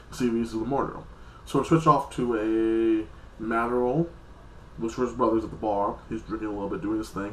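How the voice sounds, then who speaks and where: A man's voice: lowish voice, roomy sound, slight background noise, low-quality recording. A man casually recapping a TV episode in a rambling, loose way, with heavy use of filler words. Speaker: TV episode reviewer.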